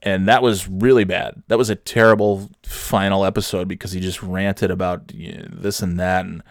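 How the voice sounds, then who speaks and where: A man's voice: deep voice, level tone, moderate pace, no room sound, clean studio sound. A man in his thirties talking casually and profanely in a solo podcast, rambling and mocking himself. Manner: rambling, self-deprecating, profane. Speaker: podcast host.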